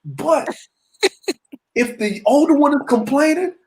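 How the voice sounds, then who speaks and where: A middle-aged man co-hosting a casual chat show, telling stories in an animated, teasing way. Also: very high-pitched, slow pace, rough recording. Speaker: podcast co-host.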